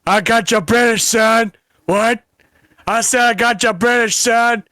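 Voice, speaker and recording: A man impersonating a brash, combative male wrestler, loud and taunting, calling people "son". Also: extremely high pitch, fairly even intonation, a little slow, exaggerated voice.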